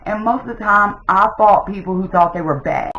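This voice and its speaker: A young adult woman, a mother, casually telling a personal story to her viewers in an animated way. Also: mid-range voice, a little fast, reverberant, lo-fi sound. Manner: animated, addresses viewers as "y'all". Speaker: storytime vlogger.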